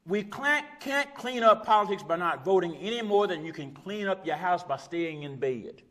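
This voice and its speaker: A man preaching a sermon as a pastor, impassioned, with repeated rhetorical phrases that swing from loud urgent peaks to hushed low drops. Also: expressive, normal speed. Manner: repetitive rhetorical cadence. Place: church sanctuary. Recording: long church reverb.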